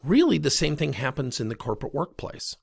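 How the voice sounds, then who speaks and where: A man's voice: a little high, fairly quick, creaky, slightly rough, dry recording, clean studio sound. A man teaching leadership coaching, telling a story and acting out the dialogue. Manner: animated, retells conversations with quoted dialogue.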